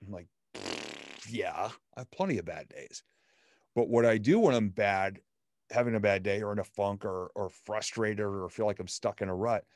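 A man with a lowish voice, chatting as a guest in a conversational interview. He tells stories in an upbeat, animated way. The sound is dry and close. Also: no echo. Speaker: podcast guest. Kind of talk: conversational storytelling.

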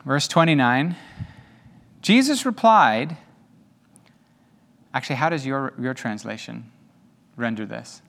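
A man preaching a sermon as pastor to an audience, animated and conversational, with humorous asides. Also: mid-range voice, takes it slowly, gravelly, long pauses. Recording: long hall reverb.

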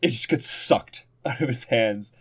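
A man's voice: mid-range voice, measured pace, slightly rough, dry recording. A young man on a casual podcast chat, telling a game story with a lot of laughing and casual swearing. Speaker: podcast co-host.

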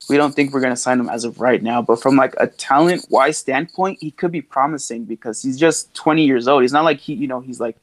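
Rambling man in casual sports talk. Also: medium pitch. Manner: rambling, searching for words. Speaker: podcast co-host. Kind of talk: casual sports podcast chat.

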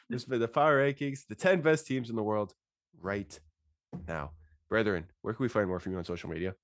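A man's voice: on the low side, fairly quick, dry recording, clean studio sound. A man hosting a casual podcast, laid-back and chatty, congested and fighting phlegm. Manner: laid-back, says "bro" a lot. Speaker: podcast host.

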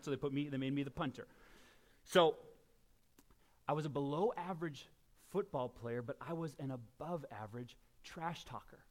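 A middle-aged man delivering a sermon as pastor. His voice sits high, and he swings from hushed, low asides to loud, emphatic shouts.

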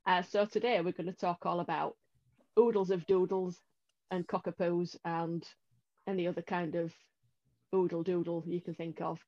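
A woman's voice: fairly low pitch, little pitch movement, moderate pace, dull audio. A British woman co-hosting a podcast, explaining things in a light, playful casual chat. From United Kingdom. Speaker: podcast co-host.

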